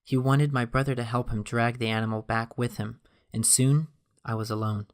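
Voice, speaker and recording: A man narrating a first-person story in a steady, even reading voice. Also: medium pitch, moderate pace, clean tone.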